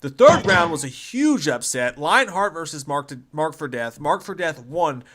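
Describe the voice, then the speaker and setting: A man co-hosting a livestreamed movie podcast, chatting casually, excited and profane, often laughing. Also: a little high, moderate pace, crowd noise. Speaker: podcast co-host.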